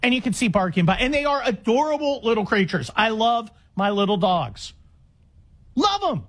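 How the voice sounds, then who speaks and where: A man in his sixties hosting a call-in radio show, talking in an animated, exasperated and rambling way with frequent restarts. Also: high-pitched, a little fast. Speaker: radio talk show host. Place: Los Angeles area radio studio.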